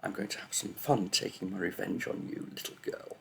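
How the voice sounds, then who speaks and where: A man's voice: low voice, a little fast, vocal fry, pushed and bright, heavily acted. A man voicing a cruel, vengeful voice inside a girl's head, hissing threats in a whisper. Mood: menacing. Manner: hissed whispers, snarling threats.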